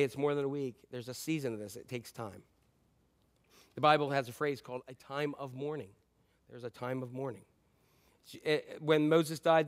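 A man with a high-pitched voice preaches a sermon in a relaxed, conversational manner. He repeats his key phrases and often fills gaps with um. He shifts between loud emphatic lines and hushed low asides. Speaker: pastor.

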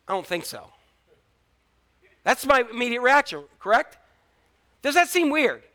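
Bright, lively preaching pastor, a man. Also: unhurried. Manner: lively preaching, jokes, sudden rises in pitch and loudness. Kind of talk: sermon.

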